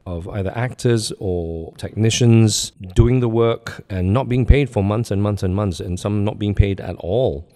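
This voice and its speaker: A man's voice: lowish voice, measured pace, hardly any pauses, dark tone. An older man from Singapore, speaking with a lightly British-tinted international English accent as an interview guest, earnest and reflective, with small laughs between thoughts. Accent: neutral international English, slight British tint. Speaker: guest actor. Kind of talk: casual interview chat.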